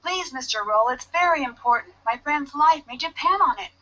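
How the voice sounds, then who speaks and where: A persistent young detective in a video game, eager and insistent. Her voice is high and bright. The game audio sounds dull and lo-fi. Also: lively intonation, moderate pace. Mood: determined.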